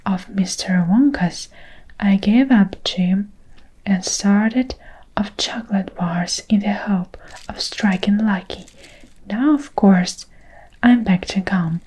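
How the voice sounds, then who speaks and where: A woman's voice: mid-range voice, takes it slowly, mellow, husky, poor audio. A woman whispering as a bragging gum-chewing girl, whispered role-play. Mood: boastful. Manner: bragging, chatty.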